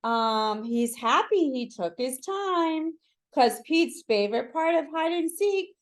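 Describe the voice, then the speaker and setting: A woman reading a picture book aloud to children, pausing to ask listeners to fill in the words. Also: high voice, animated. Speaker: children's story reader.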